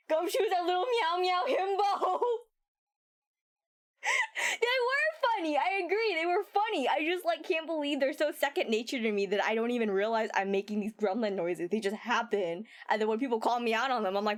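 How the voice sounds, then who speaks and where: A young adult woman streaming a game in casual chat, animated and giggly, swearing freely into a desk microphone. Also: sits high, moderate pace.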